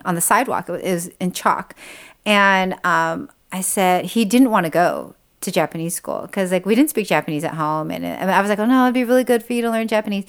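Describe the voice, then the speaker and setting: A woman's voice: fairly low pitch, clear, resonant tone. A woman in her thirties from Southern California, co-hosting a podcast in casual chat, telling stories with lots of laughter. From Orange County, California. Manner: giggly, animated storyteller. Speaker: podcast co-host.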